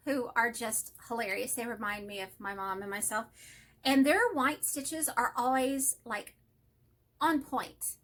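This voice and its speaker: A woman's voice: fairly high pitch, bright, forceful tone. A young woman with a Texas accent chatting casually on her vlog, rambling and self-deprecating with lots of fillers. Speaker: flosstube vlogger. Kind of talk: casual chat.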